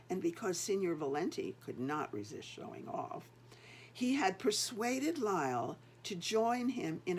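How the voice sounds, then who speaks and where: An older woman, a grandmother, reading a picture book aloud and chatting to the children between pages. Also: medium pitch.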